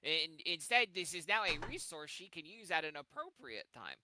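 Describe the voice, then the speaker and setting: A man's voice: on the high side, very animated, moderate pace, pushed and bright, low-quality recording. A man playing a tabletop game, insistently explaining his character's reasoning and swearing casually. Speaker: player.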